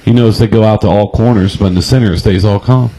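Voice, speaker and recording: A man's voice: fairly low pitch, steady tone, quick pace, mellow, poor audio. A man from Indiana, a comedian co-host telling a rambling anecdote in casual podcast chat.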